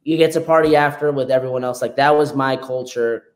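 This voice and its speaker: A man's voice: mid-range voice, fairly even intonation, brisk. A young man, a dancer, talking as a podcast guest in a laid-back way, dropping "like" and "man" often. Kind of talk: casual interview chat.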